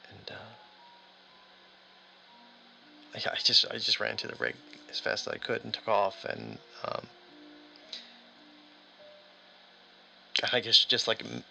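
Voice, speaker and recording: A man playing an exhausted long-haul trucker calling his father from the road, his speech halting and stammering, broken by nervous laughs. The voice sounds gravelly but sharp, with a little faint music underneath. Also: on the low side, steady tone, heavily acted, poor audio. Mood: shaken, haunted, then lost, rambling. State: exhausted and aching. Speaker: solo tabletop game player. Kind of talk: first-person in-character monologue.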